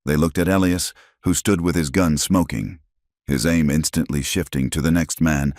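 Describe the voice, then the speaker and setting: A man reading a dramatic frontier tale as scripted narration in a steady storyteller's manner. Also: rumbling low, moderate pace, no room sound, clean studio sound.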